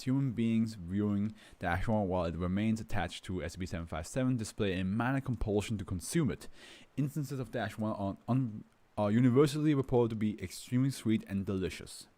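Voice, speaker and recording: This live-stream host has a lowish, darkish voice and talks fairly quickly. His chat wanders, full of fillers and laughter, until he starts reading a document aloud.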